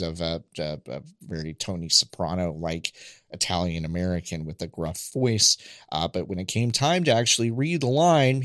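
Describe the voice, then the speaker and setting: Male podcast host, low voice with animated swings, chatty and full of fillers. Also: no room sound, studio quality. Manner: chatty, frequent filler words and restarts, lively emphasis. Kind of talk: casual podcast news chat.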